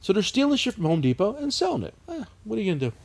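A man's voice: high-pitched, racing, gravelly. A man telling profane stories in a casual podcast chat, often laughing. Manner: profane, animated storytelling with laughter.

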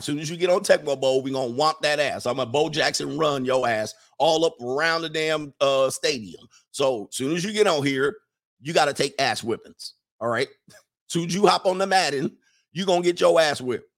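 Male commentator, casual monologue, colloquial, leans on "all right," mocking impressions. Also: mid-range voice. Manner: animated, mocking impressions, frequent laughs.

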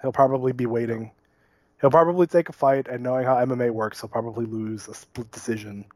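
A man's voice: medium pitch, fairly even intonation, fast talker, no echo. A man co-hosting a podcast, breaking down a fight in a casual, opinionated and wry way. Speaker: podcast co-host. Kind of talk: casual sports chat.

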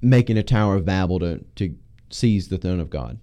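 A man leading a casual Bible discussion as pastor, teaching with animated emphasis. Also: low-pitched, moderate pace.

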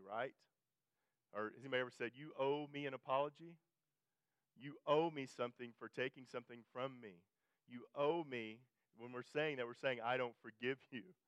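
A man preaches a sermon in a smooth, resonant voice with a middle pitch. He talks like he is chatting, stumbling over phrases, repeating them, and lifting his voice on key points. The recording is close and dry. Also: fairly bright tone, no room sound, dull audio. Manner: conversational preaching, repeats and restarts phrases, rises for emphasis. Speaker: pastor.

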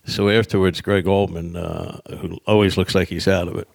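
Gravelly low-voiced comedian telling tales. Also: male voice, normal speed, no room sound, studio quality. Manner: lively raconteur who acts out others' lines and laughs at his own tales. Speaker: stand-up comedian, podcast guest. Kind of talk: casual storytelling interview.

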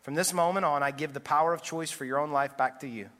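A man's voice: on the high side, fast, pushed and bright. A man reading a fable aloud, voicing a desperate traveler on a bridge with raised, urgent pleading. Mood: firm. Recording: echoey church hall.

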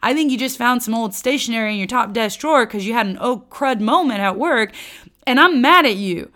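A woman's voice: a little high, expressive, a little fast, sharp tone. A woman voicing an exasperated wife who sarcastically lists her complaints to her husband. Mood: indignant. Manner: indignant, sarcastic listing of complaints.

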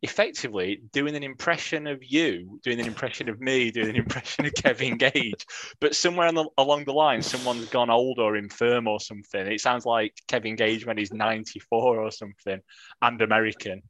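A man's voice: mid-range voice, fairly quick, a bit bright. Chatty man on a podcast. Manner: joking, chatty, with many restarts. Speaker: podcast co-host. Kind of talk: casual chat.

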